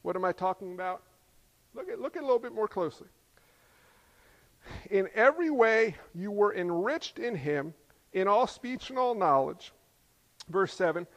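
High-voiced joking pastor in a reverberant hall. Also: male voice. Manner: lively, joking, asks the crowd rhetorical questions. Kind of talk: sermon.

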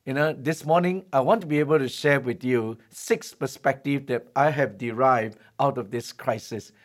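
A man preaching a sermon as pastor, telling stories and slowing down to stress his key points. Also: medium pitch. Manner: storytelling preacher, emphatic, slows for key lines.

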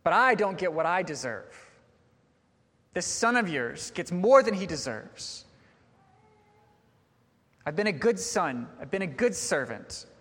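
A preacher acting out a resentful, dutiful older brother who complains with self-righteous indignation. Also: male voice, high voice, very animated, moderate pace, few pauses, slightly rough, in a large hall, exaggerated voice.

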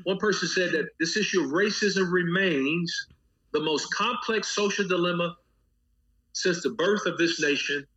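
In a muffled recording, a male pastor gives an impassioned interview, his high-pitched, sharp voice moving at a measured pace. He speaks in a preacher's rhythmic cadence, stacking up long lists and repeating phrases.

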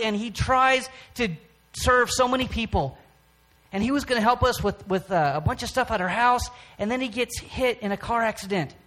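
A man giving a personal testimony from the front of a church, speaking in a halting way with frequent pauses and restarts. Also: very high voice, fairly bright tone.

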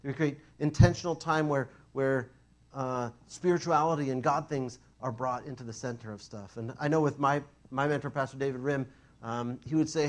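A man preaching a sermon, telling stories in an animated, self-mocking way. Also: mid-range voice, normal speed.

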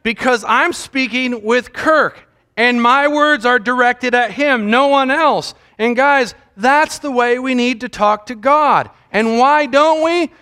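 A man's voice: very high voice, pushed and bright, clear, resonant tone. A man preaching a sermon as pastor, joking and mimicking how people pray.

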